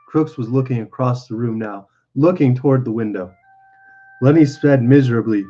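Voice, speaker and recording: A man narrating a novel aloud on a stream in a steady, lowered voice. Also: brisk. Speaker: reader. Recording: dull lo-fi.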